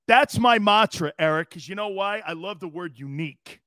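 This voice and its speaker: A middle-aged man hosting a sports talk radio show, loud and joking, laughing often as he rambles. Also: sits high, animated, normal speed, no room sound, studio quality.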